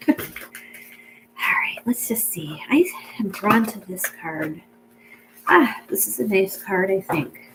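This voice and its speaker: Woman medium, warm-hearted and weepy, lots of ums, soft reassuring tone. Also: medium pitch, a little hiss or hum, poor audio. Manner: emotional, tearful at times, many fillers, soothing reassurance. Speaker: pet medium. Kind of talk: casual spoken reading to a client.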